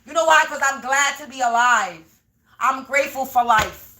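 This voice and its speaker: A woman doing a tarot reading on a livestream at home, muttering over her cards, then shouting and swearing at people she thinks are against her. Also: high voice, normal speed, background noise. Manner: swears a lot, swings between muttering and shouting. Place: home room.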